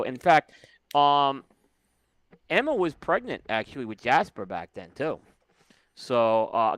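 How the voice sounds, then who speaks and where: A man's voice: mid-range voice, a bit bright, no room sound. A man co-hosting a casual podcast, laughing often and rambling through anecdotes. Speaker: podcast co-host. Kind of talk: casual chat.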